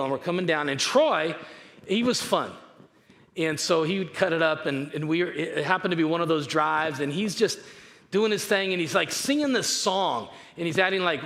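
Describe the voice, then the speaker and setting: Chatty pastor preaching in a reverberant hall. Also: male voice, on the high side, fairly bright tone. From California. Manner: chatty, repeats himself, storytelling. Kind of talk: conversational sermon. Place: church auditorium. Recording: reverberant hall with faint noise.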